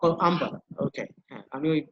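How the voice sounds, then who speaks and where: A man's voice: medium pitch, racing, breathy edge, dull audio. A man with a Bangladeshi accent gives an online university lecture in English and Bengali. He repeats his points patiently and keeps asking the class questions.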